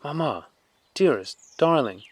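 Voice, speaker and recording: A man voicing an affectionate, excitable little boy who talks in a high, eager childlike way. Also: fairly quick. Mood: excited.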